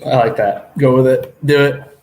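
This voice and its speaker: A man's voice: medium pitch, fairly even intonation, normal speed, a little mellow. A man co-hosting a podcast, chatting casually in an upbeat, playful way. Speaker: podcast co-host. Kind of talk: casual chat.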